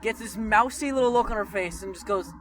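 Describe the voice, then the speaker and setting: A man co-hosting a podcast during a road trip, telling a funny family story in a lively, animated way. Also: high voice, fairly quick, over music, poor audio. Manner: lively storyteller who acts out quotes. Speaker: podcast co-host. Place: inside a car on a road trip.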